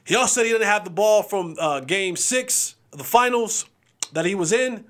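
Man, young adult, sports podcast host, casual, joking, lightly high voice. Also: normal speed. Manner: animated, joking, restarts often.

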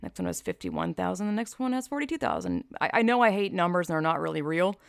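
A woman talks straight into the mic, her low voice rough with vocal fry. She comments bluntly and sarcastically and swears often. The sound is dry, with no room echo. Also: big pitch swings, fast. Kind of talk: opinion vlog commentary.

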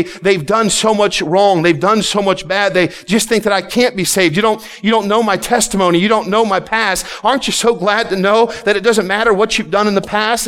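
A pastor preaching with fervent, driving repetition, his voice sitting noticeably high for a man. He often stammers and restarts lines as he builds his point, then hammers it home again. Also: fairly bright tone. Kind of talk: sermon.

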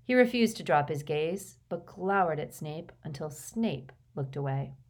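A woman narrating a novel as an audiobook, in a steady, measured storytelling manner. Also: low voice. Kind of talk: scripted narration.

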